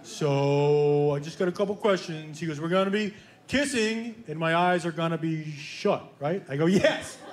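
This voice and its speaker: High-voiced man doing stand-up. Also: moderate pace. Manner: animated storytelling, acts out both sides of a dialogue. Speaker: stand-up comedian. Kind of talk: stand-up comedy storytelling. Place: comedy club stage with live audience. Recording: live club room echo with crowd laughter.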